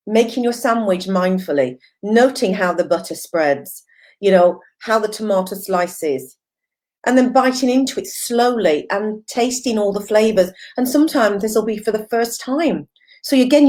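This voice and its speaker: A woman's voice: medium pitch, a little mellow. A woman mindfulness coach giving an encouraging, conversational live-stream talk, repeating phrases and using many fillers as she reads viewer comments.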